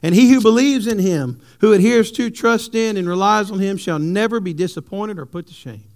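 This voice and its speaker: A pastor preaching to his congregation in a notably high voice. He tells animated, humorous stories and then moves into reading scripture. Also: moderate pace. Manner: animated storytelling, jokes with the congregation.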